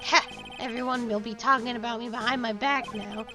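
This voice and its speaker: A cranky old man shouting in gruff, indignant bursts, played by a woman. The voice sits fairly high, and music plays clearly behind it. It is a video game read aloud on a stream. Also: fairly even intonation, a little fast, natural voice, rough recording. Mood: angry.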